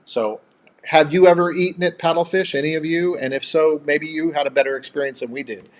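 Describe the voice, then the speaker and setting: A man's voice: fairly high pitch, fairly even intonation, fairly quick. Chatty man hosting a live stream. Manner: chatty, reads out and thanks viewer comments. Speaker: co-host of a live chat. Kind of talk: casual live-stream chat.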